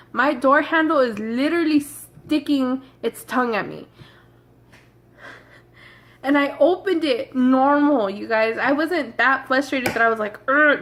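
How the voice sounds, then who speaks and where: Young woman vlogging a storytime, chatty and hurried, voice a bit on the high side. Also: fairly bright tone. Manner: chatty, rushed storytelling, addresses viewers directly. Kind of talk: storytime vlog.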